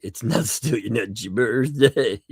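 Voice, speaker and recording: A man's voice: mid-range voice, takes it slowly, breathy edge, no echo, studio quality. A man hosting a casual livestream, joking in a mock-dramatic way, laughing often and thanking viewers for their chat messages. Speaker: livestream host.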